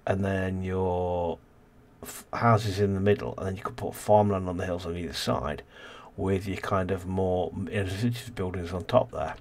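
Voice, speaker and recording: A man's voice: low voice, steady tone, normal speed, a little mellow. A man casually commentating a city-building game as host, rambling and thinking aloud, tired and yawning. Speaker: let's play host.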